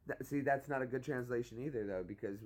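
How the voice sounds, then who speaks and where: A young man with a mid-pitched voice chats easily on a home vlog. He teases and jokes in a relaxed, friendly back-and-forth. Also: quick pace. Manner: joking, teasing, fond of goofy put-on accents. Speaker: vlogger co-host. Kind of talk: casual chat.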